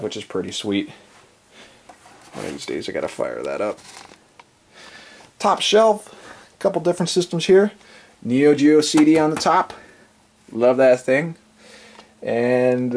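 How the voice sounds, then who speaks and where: A man's voice: mid-range voice, a little mellow. A man with a stuffy, congested voice, casually rambling through a tour of his game collection with lots of fillers. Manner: rambling, filler-heavy, enthusiastic about gear. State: congested and breathing heavily from allergies. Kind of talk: casual off-the-cuff tour narration.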